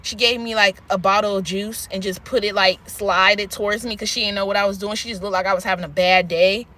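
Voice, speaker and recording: Bright-voiced woman ranting candidly. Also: medium pitch, fairly even intonation, a little fast. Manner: candid, rambling, swears freely. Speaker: vlogger. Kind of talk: unscripted rant to camera.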